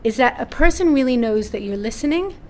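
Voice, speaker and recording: A fairly high-pitched woman talks fairly quickly, telling lively anecdotes at a parenting seminar held live before an audience in a seminar room. She acts out voices and regularly checks in with "right?" A little hiss or hum sits under the audio.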